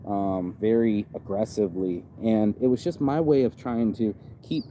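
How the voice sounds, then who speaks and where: A man in his forties, rambling and reflective in a laid-back outdoor vlog, his voice low and mellow. He keeps dropping "you know" between thoughts while traffic hums faintly behind him. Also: normal speed. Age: 40s. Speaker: vlogger. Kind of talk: casual outdoor vlog monologue. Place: outdoors on a campus.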